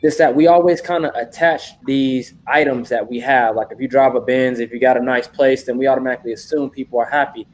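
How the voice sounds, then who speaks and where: Husky man asking reflective questions. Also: medium pitch, steady tone, fairly quick, few pauses, darkish tone. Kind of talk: casual podcast chat.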